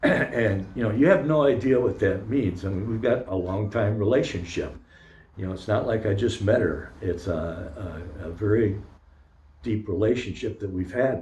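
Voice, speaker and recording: Older man, low voice, roomy sermon. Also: a little mellow. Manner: candid, halting storytelling with frequent pauses and fillers. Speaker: Zen priest giving a dharma talk. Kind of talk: informal personal sermon. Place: temple meditation hall. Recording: roomy echo.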